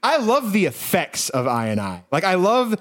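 A man with a slightly high voice recaps a movie on a podcast. He rambles and swears, filling every gap with "uh" and "like". The talk is casual and chatty. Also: wildly swooping pitch, moderate pace, fairly bright tone. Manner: rambling, profane, many fillers and restarts. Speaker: podcast co-host.

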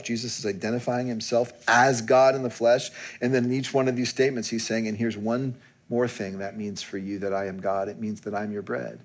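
A man preaching a sermon, dropping to quiet and then rising to emphatic peaks. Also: mid-range voice. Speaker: pastor.

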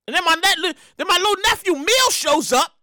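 A woman hosting a show, telling a profane, animated story in a rant that keeps bursting into shouts. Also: very high voice, normal speed, no echo, clean studio sound. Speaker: show host.

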